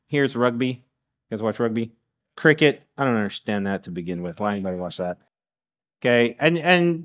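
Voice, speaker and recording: A middle-aged man giving a sermon as guest preacher, animated, with frequent restarts and acted-out asides. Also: mid-range voice, fairly quick. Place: church sanctuary.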